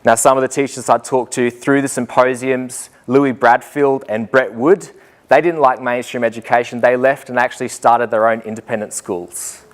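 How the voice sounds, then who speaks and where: A man giving a talk to an audience, telling a lively anecdote and acting out the voices of the people in it. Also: medium pitch, normal speed. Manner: animated storyteller, acts out voices. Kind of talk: storytelling conference talk.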